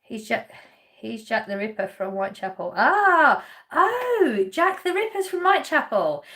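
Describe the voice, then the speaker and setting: A livestream host from England laughs and chats casually while reading comments from her viewers aloud. Her voice is fairly high and fairly bright in tone.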